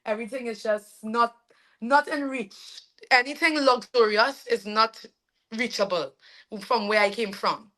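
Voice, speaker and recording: A young woman with a Trinidadian accent, telling her life story as a guest in a casual interview, animated and quick to laugh. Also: on the high side. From Trinidad and Tobago. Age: young adult. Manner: animated, laughs often, trails off with fillers. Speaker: soca artist guest.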